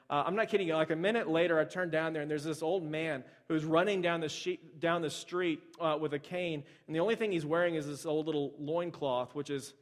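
A male pastor from the United States preaching a casual, conversational sermon, telling stories with lots of fillers and restarts. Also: a little high. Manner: storytelling, many fillers and restarts.

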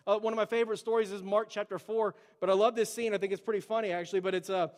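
High-voiced man preaching in a reverberant hall. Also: steady tone, rapid-fire. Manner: conversational preaching with frequent "like" asides and voiced Bible quotes. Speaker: pastor. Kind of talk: sermon.

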